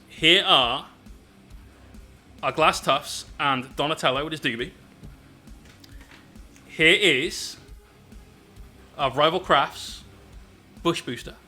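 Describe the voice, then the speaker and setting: Man, vivid bright voice, slightly high, joking banter, hobby live stream. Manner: explains painting steps as he works. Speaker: miniature painting streamer. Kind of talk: casual live-stream chat while painting.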